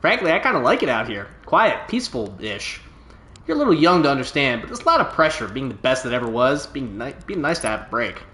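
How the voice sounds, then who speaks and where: A man's voice: mid-range voice, big pitch swings, fast talker, pushed and bright. A man voicing a boastful, laid-back stranded alien pilot from a video game, telling his tale in a folksy, drawling way. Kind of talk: reading game dialogue aloud. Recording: roomy echo.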